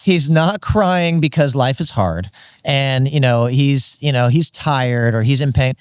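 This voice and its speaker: A man with a mid-range, clear and resonant voice speaks a little slowly, recorded in clean studio quality with no echo. Co-hosting a casual Bible discussion podcast, he is earnest and teacherly, explaining the Greek and the context of verses.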